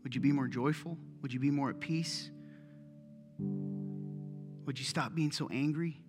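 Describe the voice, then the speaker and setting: A middle-aged male pastor giving a casual, joking, animated sermon in a church. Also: a little high, unhurried. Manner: conversational, joking, animated preaching. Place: church sanctuary. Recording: echoey hall, soft guitar behind.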